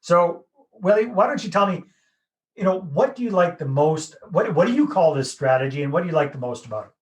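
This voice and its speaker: A man from Canada hosting an interview podcast, his voice sitting fairly high for a man. He keeps it upbeat and chatty, joking with his guest between questions. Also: lively intonation, a little fast, dull audio. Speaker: podcast host. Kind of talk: casual interview chat.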